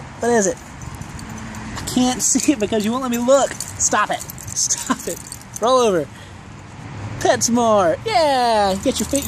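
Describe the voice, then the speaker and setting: A woman vlogging casually at home, switching to high sing-song baby talk with her dog. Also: a little hiss or hum.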